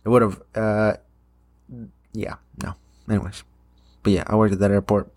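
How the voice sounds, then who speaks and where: A man's voice: fairly low pitch, level tone, moderate pace, darkish tone. A young man, rambling casually to camera, swearing often and trailing off into fillers. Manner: rambling, swears a lot, many fillers and restarts. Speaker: vlogger.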